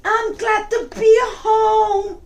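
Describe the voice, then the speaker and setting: A woman's voice: very high-pitched, level tone, extremely slow, a little mellow, echoey room, distant mic, pitched above the performer's own voice, exaggerated voice. A woman voicing a timid, sweet baby girl electric eel in a storybook, stammering when she apologizes.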